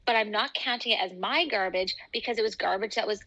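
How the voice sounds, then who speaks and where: A woman's voice: mid-range voice, quick pace, bright, forceful tone, rough recording. A young woman co-hosting a podcast, chatting casually and telling upbeat stories full of "like" fillers. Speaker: podcast co-host. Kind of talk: casual chat.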